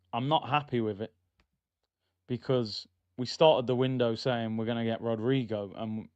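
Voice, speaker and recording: A casual young watchalong streamer calls out reactions to chances in a live football match and reads chat messages aloud. His voice is mid-range and clean, recorded dry on a streaming mic.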